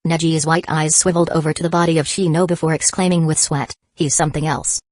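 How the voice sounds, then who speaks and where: A woman narrating a novel as an audiobook in an even, steady reading manner. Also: deep voice, fast talker, no room sound.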